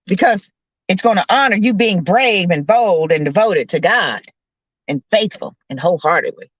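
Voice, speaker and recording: A woman's voice: expressive, moderate pace, dry recording, rough recording. Hollering woman coach preacher. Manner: emphatic, hollering with big pitch swings.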